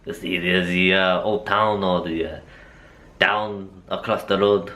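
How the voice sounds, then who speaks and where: A man's voice: sits low, fairly even intonation, sharp tone. A man putting on a hammy French coworker. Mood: enthusiastic. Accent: mock French. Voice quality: hammy, halting with drawn-out uhs. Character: chatty French male coworker, boastful about restaurants.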